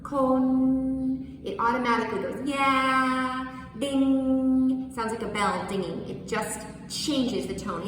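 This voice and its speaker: Female teacher, mid pitch, explains to camera with playful demonstrations, distant mic in a reverberant hall. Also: slight background noise. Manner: animated, acts out tones on one word. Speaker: language teacher. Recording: echoey room, far from mic.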